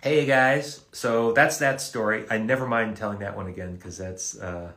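A man's voice: on the low side, fairly even intonation, fairly bright tone. Rambling man telling stories, roomy sound. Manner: rambling, halting, repeats words and restarts. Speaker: voice actor guest at an autograph livestream. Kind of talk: casual live Q&A storytelling. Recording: roomy echo.

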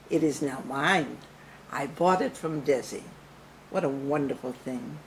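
A woman's voice: deep voice, normal speed, slight background noise. An older woman entertainer, reminiscing theatrically about show business at her home. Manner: theatrical, animated storyteller. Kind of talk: showbiz reminiscing to camera.

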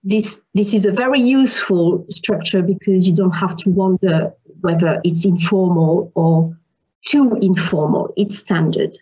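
A woman's voice: medium pitch, measured pace, mellow, breathy edge, highs cut off. A female university lecturer giving an online French lesson, explaining patiently with examples and repeating key points.

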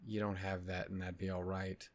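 A man's voice: low-pitched, completely flat delivery, moderate pace. A man hosting an anime reaction video, tired and upset, rambling and swearing with lots of restarts. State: tired, yawning. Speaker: anime reaction channel host. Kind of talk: casual reaction vlog chat.

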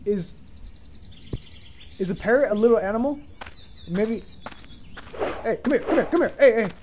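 A man's voice: sits high, expressive, moderate pace, a little mellow, a little hiss or hum. Man thinking aloud over gameplay. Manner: thinks aloud, unsure, swears casually. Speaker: gaming YouTuber. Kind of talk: casual gameplay commentary.

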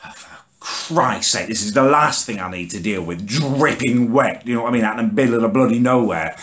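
A man's voice: mid-range voice, a little fast. A young man, ranting in an exasperated, sweary way as the host of a comic vlog. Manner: exasperated, sweary, rants with lively rises and sudden drops. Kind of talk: comic character rant to camera.

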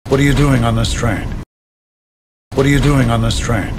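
An actor delivering film dialogue in a flat, even way. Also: male voice, medium pitch, moderate pace, background noise, close to an everyday voice. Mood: plain.

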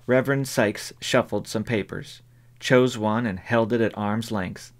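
This is scripted narration from a man voicing an audiobook. His reading is steady and measured, and his pitch is fairly low.

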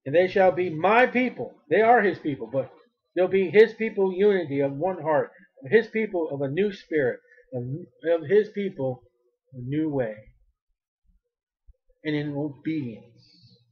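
Husky high-voiced male preacher. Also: animated, measured pace, narrow, tinny audio. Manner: fervent, repeats phrases, rises to cries when quoting. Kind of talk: sermon.

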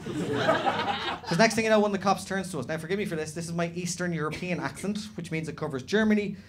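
A man doing animated stand-up storytelling on a comedy club stage, slipping into other people's voices. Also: high voice, quick pace, slight background noise. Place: comedy club stage before a live audience. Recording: live room with audience laughter.

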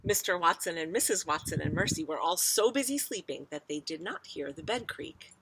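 A woman's voice: deep voice, fairly bright tone, breathy edge. A woman teacher reading a children's book aloud to her class, with chatty asides to the children.

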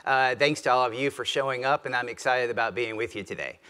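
A man in his fifties with a Southern US accent, a retired general giving a conversational, animated keynote speech at a conference. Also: mid-range voice, quick pace. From Mississippi, US. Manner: conversational, animated, self-deprecating.

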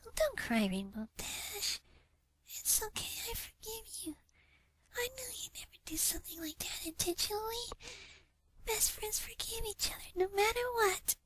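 A man doing Pinkie Pie, squeaky bubbly pony girl. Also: big pitch swings, moderate pace, fairly bright tone, no echo, exaggerated voice. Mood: soothing. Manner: very high squeaky falsetto, sing-song. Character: bubbly cheerful female cartoon pony, sweet. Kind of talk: fan fiction read aloud.

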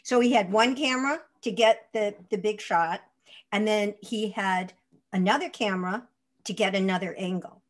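An older woman whose voice sits at an ordinary middle pitch, speaking as a guest in an interview. She tells stories with relish, laughing easily and putting on little voices for the people she quotes. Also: moderate pace. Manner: lively, laughing raconteur acting out quotes. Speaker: actress guest. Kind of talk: anecdotal interview storytelling.

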